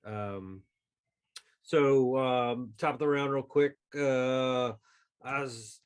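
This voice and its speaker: A man serving as game master, running a tabletop game at an unhurried pace with many pauses and fillers. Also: medium pitch, clean tone.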